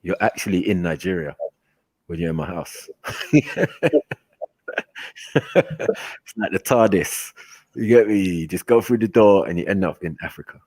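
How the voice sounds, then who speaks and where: A man telling stories in a casual chat, animated and slangy, laughing often. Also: low-pitched, measured pace, pauses often, no echo. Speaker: host.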